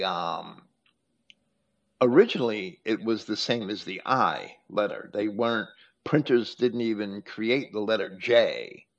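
A man hosting a scripture study, explaining at length in a deliberate way with frequent hesitations and restarts. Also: lowish voice. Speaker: host. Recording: muffled lo-fi recording.

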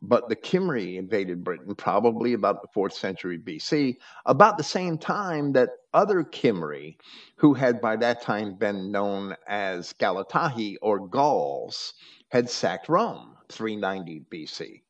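A man holds forth in a conversational lecture, his voice sitting low but swinging widely in pitch. He trips over his own words, restarting and doubling them. The recording is dull and lo-fi. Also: expressive, a little slow. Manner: stammering restarts, repeats words. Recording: muffled lo-fi audio.

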